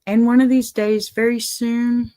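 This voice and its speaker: A woman's voice: on the high side, flat delivery, a little slow. A woman hosting an advice show, talking casually and reassuringly to a viewer. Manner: gentle, reassuring, apologetic asides. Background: dog in the room.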